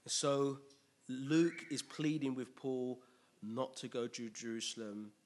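A man preaching a sermon with animated, emphatic delivery and call-and-response. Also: mid-range voice, slow.

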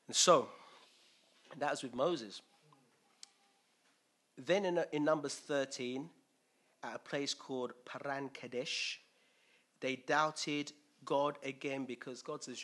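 Lively preacher, bright-toned. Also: male voice, medium pitch, slow pace, long pauses. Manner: lively, conversational, acts out quotes, asks listeners questions. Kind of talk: sermon.

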